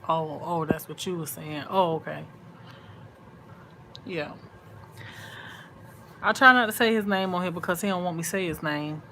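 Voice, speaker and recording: A woman's voice: fairly low pitch, moderate pace, pauses often, pushed and bright, slight background noise. A woman, sleepy and chatty, talking casually to viewers in a late-night live chat. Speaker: vlog host.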